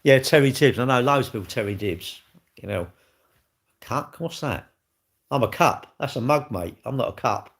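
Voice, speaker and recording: Gravelly man chatting with viewers. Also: medium pitch, lively intonation, normal speed, a bit bright. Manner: chatty, bantering, reads viewer comments aloud and answers them; cheeky, blunt and jokey. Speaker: livestream host. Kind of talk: casual livestream chat.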